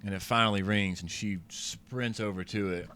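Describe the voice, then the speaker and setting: Low-voiced male co-host, steady plot recapper, slight background hiss. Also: normal speed. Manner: calm, recaps plot in detail. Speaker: podcast co-host. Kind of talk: casual movie discussion.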